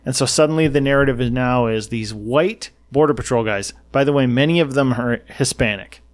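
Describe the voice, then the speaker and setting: A man's voice: medium pitch, a little fast. A man hosting a casual political chat, rambling and sarcastic, who often acts out what others said.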